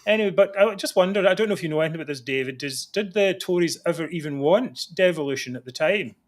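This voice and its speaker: A man's voice: fairly high pitch, animated, fast. A man hosting a live political talk show, chatty and sardonic, with mocking asides. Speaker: host.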